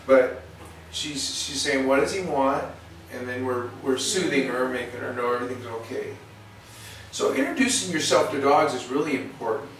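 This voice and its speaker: A man's voice: mid-range voice, moderate pace, a bit bright. A man, a veterinarian, explaining and demonstrating in a folksy, rambling way full of restarts, recorded in a clinic exam room. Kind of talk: instructional demonstration. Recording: roomy, distant, faint noise.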